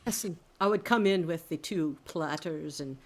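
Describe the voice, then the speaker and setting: A woman's voice: low voice, moderate pace, a little mellow. A woman playing a tabletop game who describes her character's actions plainly. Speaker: player. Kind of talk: casual table talk.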